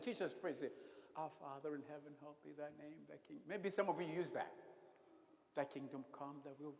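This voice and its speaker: Lively priest preaching in an echoey church. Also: male voice, a little high. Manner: expressive preacher, drops to whispered prayers. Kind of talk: sermon. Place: church sanctuary.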